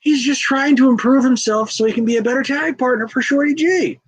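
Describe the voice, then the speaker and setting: Husky-voiced man chatting casually. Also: very high voice, low-quality recording. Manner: halting, playful, acts out scenes. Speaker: co-host. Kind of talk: casual fantasy-booking chat.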